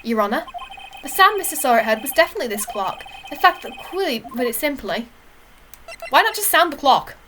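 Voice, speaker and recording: A woman's voice: sits high, very animated, a little fast, background noise. Woman doing an earnest young male defense lawyer.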